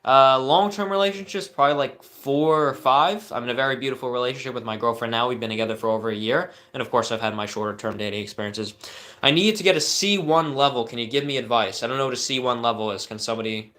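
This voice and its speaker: A man's voice: mid-range voice, quick pace, fairly bright tone. A young man hosting a live stream, answering viewer questions with earnest coaching advice and frequent fillers and restarts.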